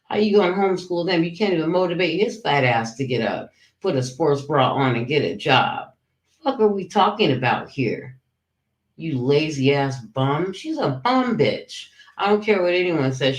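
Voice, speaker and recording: A streamer rants hard and swears freely at people he calls out, with sudden jumps up in pitch when he gets worked up. His voice sits at a middling pitch. The room around him rings with echo. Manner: profane, heated, talks to chat. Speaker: livestream commentator. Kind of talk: ranting livestream commentary. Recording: roomy echo.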